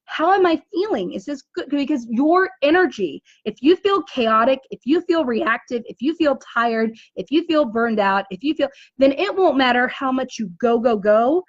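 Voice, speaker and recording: A woman's voice: sits high, no echo, muffled recording. A woman business coach giving a motivational talk on a live stream indoors, asking rhetorical questions and tagging lines with "right?". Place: indoors, dim room.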